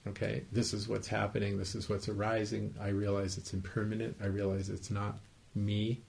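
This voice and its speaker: A man's voice: on the low side, vocal fry. A man teaching meditation to a small group in a home, in a conversational style that often checks whether the listeners follow. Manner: conversational, gently explaining, asks the listeners to confirm they follow. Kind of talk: dharma talk to a group.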